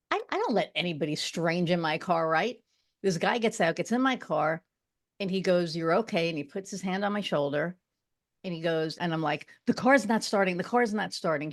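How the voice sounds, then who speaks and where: This woman, a guest on a podcast, is from Long Island and has a fairly low pitch. She recounts something personal in a relaxed, conversational way, pausing for brief asides to check in.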